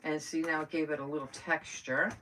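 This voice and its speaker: A woman's voice: low voice, level tone, a little fast, a bit bright. A woman chatting casually with her viewers while doing a craft project live, rambling and greeting people by name. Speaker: crafting livestream host. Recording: voice a bit far from the mic, faint noise.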